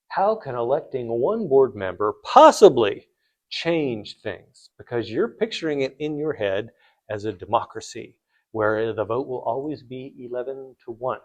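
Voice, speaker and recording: A man's voice: medium pitch, a little mellow. A man lecturing on finance to students in a conversational way, asking rhetorical questions and adding blunt asides. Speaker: finance instructor.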